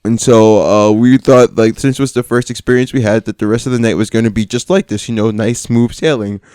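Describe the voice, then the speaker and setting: Young guy on a podcast telling a story, smooth clear voice, dry room sound, laughs a lot. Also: fairly low pitch, brisk, no echo. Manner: animated, laughing often, acting out quoted lines. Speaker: podcast co-host. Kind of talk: casual storytelling.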